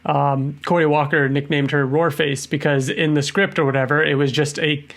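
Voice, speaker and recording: A man's voice: moderate pace, creaky. A man co-hosting a podcast, chatting casually and acting out quotes in a raised voice. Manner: animated, acts out quotes in a higher voice. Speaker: podcast co-host. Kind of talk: casual chat.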